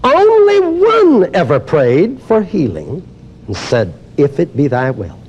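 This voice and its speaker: Exuberant older preacher man, lively swings. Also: a little high, slow, highs cut off, slight background noise. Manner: exuberant, emphatic, swings from hushed to loud exclamations. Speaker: preacher teaching a healing course. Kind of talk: recorded teaching sermon.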